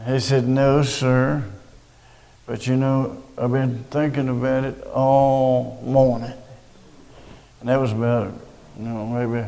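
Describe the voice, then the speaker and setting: An older man with a drawl tells a story slowly and unhurriedly. His voice is gravelly and creaky, and it sits at an ordinary pitch. He rambles and restarts as he goes, like someone giving a spoken testimony. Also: level tone, dark tone, big-room sound, poor audio. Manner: rambling, halting, with restarts and asides. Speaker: storyteller recounting a personal witness.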